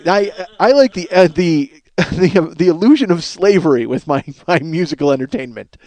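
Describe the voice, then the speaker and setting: Thirties man from Los Angeles, high-voiced, profane, rambling comic host. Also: expressive, normal speed, a little mellow. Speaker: podcast host. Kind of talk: casual comedic monologue.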